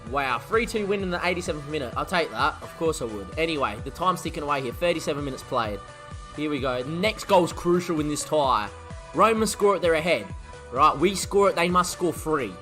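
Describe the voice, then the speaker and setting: Excitable gaming streamer. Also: male voice, on the high side, a little fast, music in the background. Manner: excitable, swings from muttering to shouting. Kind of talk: live football game commentary.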